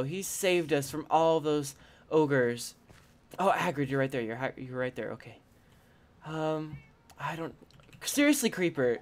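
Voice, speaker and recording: A gaming channel host giving casual let's-play commentary, theatrical and expressive, talking straight to the viewers. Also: medium pitch.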